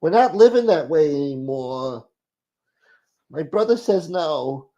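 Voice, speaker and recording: Brief: man playing a fed-up mob brother lecturing his sister, rough gravelly tone, lo-fi audio. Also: a little high, animated, takes it slowly, mellow. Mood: exasperated. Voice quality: exasperated, scolding. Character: exasperated middle-aged male mob brother. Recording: muffled lo-fi audio.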